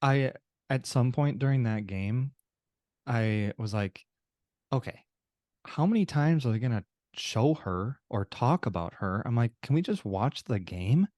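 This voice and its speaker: A man's voice: medium pitch, animated, measured pace, darkish tone, no echo, clean studio sound. A man hosting a casual sports podcast, laid-back and teasing with his co-host.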